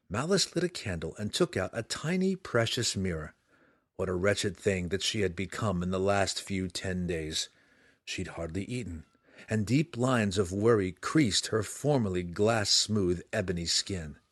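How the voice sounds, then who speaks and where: A man narrating a fantasy audiobook with a dramatic, expressive reading. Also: low-pitched, a little slow, no echo, clean studio sound.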